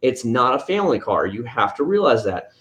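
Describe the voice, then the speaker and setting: A man's voice: medium pitch, big pitch swings, a little fast, a bit bright. A man hosting a casual live stream from home, rambling easily about cars and answering viewer chat one comment at a time. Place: at home, family nearby. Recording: roomy echo.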